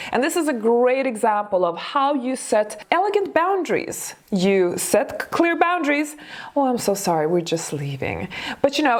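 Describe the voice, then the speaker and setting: Chatty, encouraging woman dating coach. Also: on the high side. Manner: chatty, encouraging, laughs often. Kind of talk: reaction commentary on TV clips.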